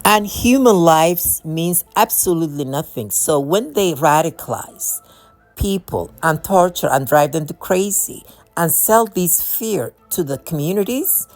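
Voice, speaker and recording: Low-voiced impassioned woman. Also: lively intonation, unhurried, darkish tone, soft background music. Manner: impassioned, repetitive, with frequent restarts. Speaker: video creator. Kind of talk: monologue to camera.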